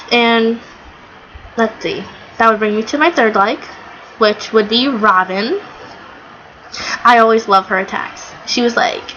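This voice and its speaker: Chatty woman reviewer, bright-ish voice, gushes, lo-fi mic. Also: fairly high pitch, a little hiss or hum. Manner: chatty, gushing, rambling with fillers and quoted lines. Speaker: anime reviewer. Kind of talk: casual video review.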